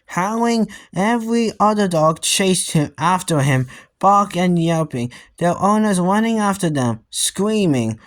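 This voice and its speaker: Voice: mid-range voice, expressive, unhurried. A young reader stumbling and restarting while reading a children's book aloud. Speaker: storybook reader.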